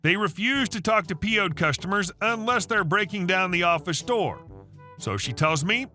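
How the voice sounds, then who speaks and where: A man narrating an online story in the first person, in a brisk, chatty way. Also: high voice, lively intonation, sharp tone, soft background music.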